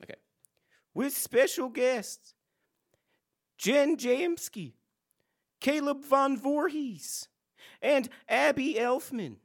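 A woman's voice: high-pitched, very slow, pauses often. A woman reading a comedy podcast's end credits, stumbling over a guest's name and laughing.

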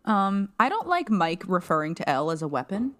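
A woman's voice: fairly low pitch, very animated, a little fast, a bit bright. A young woman co-hosting a podcast, talking expressively and playfully, acting out lines in mock voices. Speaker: podcast co-host. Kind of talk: casual chat.

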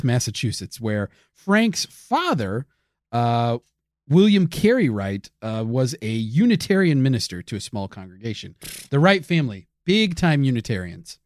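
A man hosts a comedic history podcast, trading crude jokes and reading from notes with plenty of "uh"s. His pitch swings widely as he talks. The sound is dry and close. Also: big pitch swings, moderate pace, no echo. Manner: joking, crude, reads notes with many fillers. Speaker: podcast co-host.

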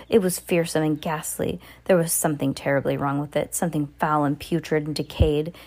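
Low-voiced woman reading a novel aloud. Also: darkish tone. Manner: casual amateur reading with stumbles and restarts; asides to a listener beside her. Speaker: reader.

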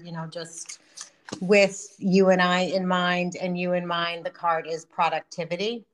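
Bubbly woman hosting a spiritual podcast. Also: lowish voice. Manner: bubbly, laughs often, effusive. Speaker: podcast host. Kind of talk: casual spiritual podcast chat. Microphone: remote call.

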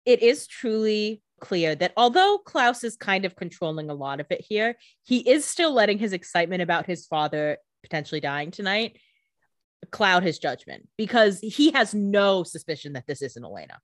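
A woman's voice: medium pitch, very animated, normal speed, dry recording, clean studio sound. A woman co-hosting a podcast, chatting casually and adding joking commentary on the episode. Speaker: podcast co-host. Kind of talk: casual recap chat.

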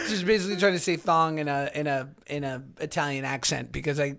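A high-voiced man with a slight lisp, co-hosting a podcast in a loose, teasing way. He cracks jokes and laughs as he talks. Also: fairly even intonation, quick pace, creaky, few pauses, fairly bright tone. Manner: joking, teasing, laughs often. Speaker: podcast co-host. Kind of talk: casual podcast banter.

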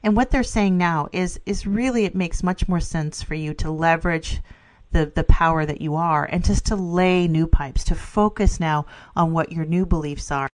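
Woman, middle-aged, low-pitched, eager casual podcast chat, frequent laughter. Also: normal speed. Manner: enthusiastic, laughs often, many "you know" fillers. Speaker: podcast co-host.

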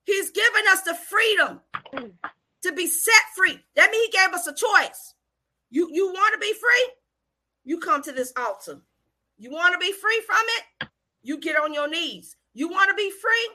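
A woman preacher, delivering a fiery sermon with call-and-response, shouting and repeating phrases. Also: very high-pitched, animated, moderate pace.

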